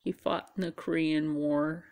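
A woman's voice: low-pitched, steady tone, measured pace, darkish tone. A tired middle-aged woman chatting casually to camera, rambling and musing aloud. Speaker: vlogger. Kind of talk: casual chat.

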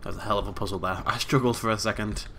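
A man's voice: lowish voice, steady tone, rapid-fire, bright, forceful tone, slight background noise. A man giving playful, jokey gameplay commentary as a let's play host, humming tunes and making silly sound effects.

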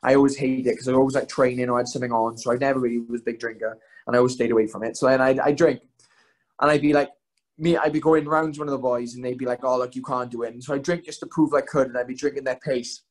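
A young fighter speaks as a podcast guest with a medium-pitched, steady voice, and he's a fast talker. His casual chat is all rambling, self-mocking stories loaded with profanity.

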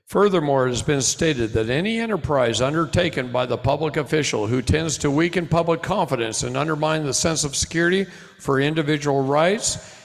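A middle-aged man giving a live seminar lecture to an audience, preaching in animated bursts that drop to low asides. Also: a little fast, creaky. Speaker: seminar speaker. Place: large hall before a live audience. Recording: long hall reverb.

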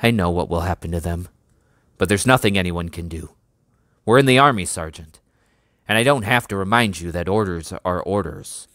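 A man voicing a stiff, reluctant army major who speaks quietly but firmly, in a storybook reading. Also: low voice, moderate pace, no echo, clean studio sound.

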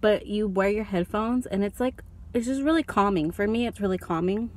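A woman's voice: mid-range voice, normal speed, slight background noise. A young woman vlogger eating lunch in her parked car, rambling casually into her phone and coughing now and then. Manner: rambling, chatty, eating and coughing while talking. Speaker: beauty vlogger. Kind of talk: casual mukbang chat. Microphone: phone held in hand.

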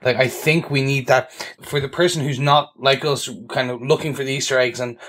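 Animated man chatting on a podcast. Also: medium pitch, a little fast. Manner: animated, peppers speech with "like". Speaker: podcast co-host. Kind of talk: casual chat.

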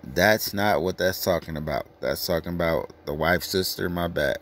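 A man giving a brash, crude, lecturing scripture rant, reading verses slowly and emphatically. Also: low-pitched, fairly bright tone. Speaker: street preacher.

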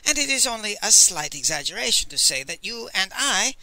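Guy doing a sly old sage, bright lively voice, knowing and dry. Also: sits high, a little fast, voice pushed up, exaggerated voice, rough recording. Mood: wry. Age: older. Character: old sage, wry and scheming. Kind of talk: audiobook character voice.

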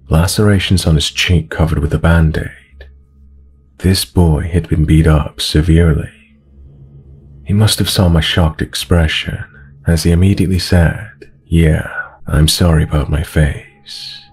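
A male narrator with a very low, husky voice reads a scripted horror story slowly and in a measured way, over a soft bed of background music.

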